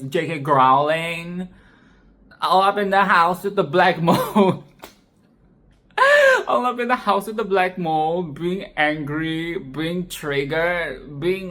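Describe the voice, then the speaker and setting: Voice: medium pitch, a bit bright. A film commentator in a casual monologue, sassy and profane, rambling with restarts and often asking "okay?". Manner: sassy, profane, tags "okay?" onto lines; rambling with frequent restarts and laughs.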